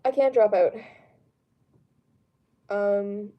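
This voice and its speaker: A woman's voice: mid-range voice, drawn-out words, muffled recording. A young woman talks casually from her room while answering a live chat. She rambles and fills gaps with lots of ums, now and then breaking into a laugh. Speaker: streamer. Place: home room.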